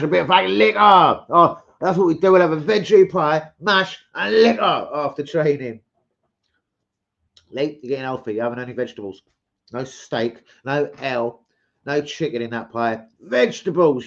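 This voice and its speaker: Fairly high-pitched and recorded with dull audio, this man hosts a football fan channel's casual livestream. He chats with viewers and reads transfer gossip, rambling and swearing as he goes.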